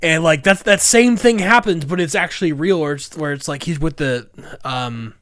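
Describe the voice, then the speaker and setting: A man's voice: on the high side, moderate pace, fairly bright tone, dry recording, clean studio sound. A man co-hosting a casual movie review podcast, chatty and laughing often, with a lot of filler words. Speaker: podcast co-host.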